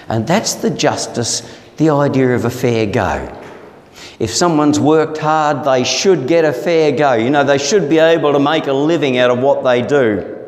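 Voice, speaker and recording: A man's voice: medium pitch, a little mellow. A middle-aged man with an Australian accent, preaching a sermon in a conversational, storytelling way. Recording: roomy hall with long reverb.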